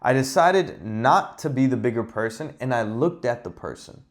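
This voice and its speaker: A man's voice: mid-range voice, normal speed. Exasperated man ranting on a podcast. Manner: animated, exasperated, profane. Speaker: podcast host. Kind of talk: casual ranting monologue.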